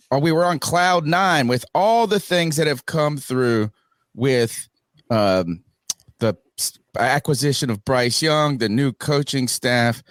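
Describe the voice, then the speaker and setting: A man hosting a sports podcast in casual chat, animated and emphatic, poking fun at himself. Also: mid-range voice, dry recording, studio quality. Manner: animated, emphatic, self-mocking. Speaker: podcast host. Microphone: video call webcam setup.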